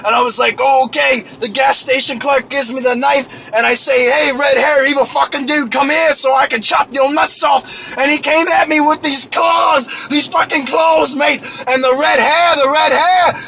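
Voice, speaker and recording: A man's voice: very high voice, fairly even intonation, normal speed, vocal fry, few pauses, pushed and bright, a little hiss or hum, full character voice, low-quality recording. A young man improvising a crude, clueless young British man who rambles, stammers and swears constantly, with a put-on British accent. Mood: worked up. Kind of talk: improvised comedy monologue.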